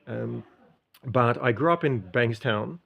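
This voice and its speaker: A man's voice: mid-range voice, takes it slowly, vocal fry, fairly bright tone, slightly rough. An Australian man from Sydney explaining a study method in a casual, rambling monologue with many ums and restarts. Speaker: streamer.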